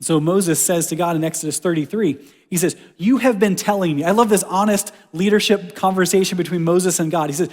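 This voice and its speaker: A man delivers a casual, conversational sermon, his voice sitting a little high for a man. He shifts between animated, rising lines and hushed, gentle ones. His voice rings out in a hall with a long reverb. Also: brisk. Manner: conversational, animated, drops to soft quiet lines for God's words. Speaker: pastor.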